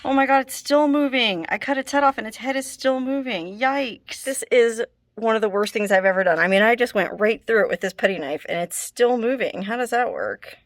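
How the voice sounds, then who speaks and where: A woman's voice: on the high side, brisk, few pauses, dry recording. A young adult woman vlogging casually, distressed and apologetic, with nervous laughs. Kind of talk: casual vlog talk to camera. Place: hot house and shaded yard.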